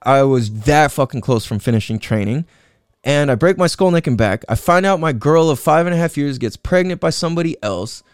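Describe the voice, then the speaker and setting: A young man in his twenties rambles through his life story, swearing often and leaning on "like" and "you know what I'm saying." His voice is a little high, animated, brisk and smooth. The recording is clean studio sound with no echo.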